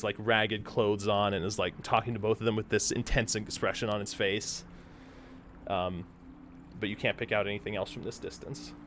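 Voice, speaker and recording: Low-voiced man running a tabletop game. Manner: relaxed, hesitant with fillers. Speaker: game master.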